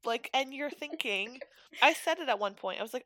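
A woman on a podcast retelling a film's ending in casual chat, animated, swearing freely and acting out the characters' lines. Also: high-pitched, normal speed, no room sound. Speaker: podcast co-host. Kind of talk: casual movie recap.

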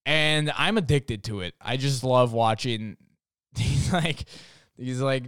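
Rambling young man, smooth voice. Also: mid-range voice, expressive, a little slow, fairly bright tone, dry recording, clean studio sound. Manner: rambling, heavy on "like" fillers, acts out quotes. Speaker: podcast host. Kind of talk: casual comedic monologue.

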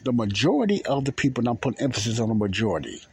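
Husky man rambling in plain talk. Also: medium pitch, sing-song, rapid-fire, a little mellow. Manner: rambling, repeats phrases, folksy plain talk. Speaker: podcast host. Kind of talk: casual spoken monologue.

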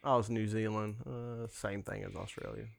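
A man's voice: fairly low pitch, steady tone, moderate pace, vocal fry. A man, co-hosting a casual podcast chat and teasing dryly. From Southern United States. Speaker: podcast co-host.

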